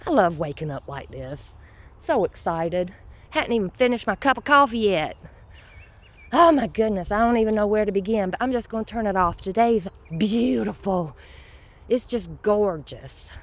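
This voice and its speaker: A woman vlogging in her garden outdoors, chatty and excitable, cooing sweetly at her pets. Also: medium pitch, normal speed. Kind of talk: casual vlog narration.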